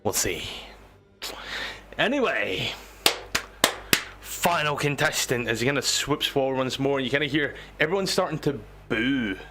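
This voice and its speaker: A man running a tabletop game as game master, narrating in a relaxed, descriptive way. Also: mid-range voice, moderate pace, very noisy.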